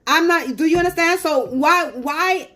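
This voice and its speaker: A woman's voice: very high voice, measured pace, pushed and bright. A woman on a phone livestream, venting angrily in a profane, repetitive rant. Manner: angry, profane and repetitive ranting.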